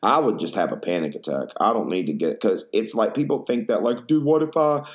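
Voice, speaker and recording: Rambling, profane man with a deep voice. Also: expressive, a little fast. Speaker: podcast host. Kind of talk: casual podcast chat.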